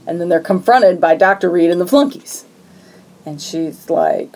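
A woman co-hosting a podcast, casually retelling a movie plot in a lively storytelling way and acting out lines from scenes. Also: fairly low pitch, measured pace, gravelly, low-quality recording. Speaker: podcast co-host. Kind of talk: casual movie recap chat.

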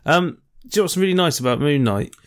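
A man's voice: on the high side, animated, fast talker. A man co-hosting a casual review chat, blunt and swearing offhandedly. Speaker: podcast co-host reviewing TV.

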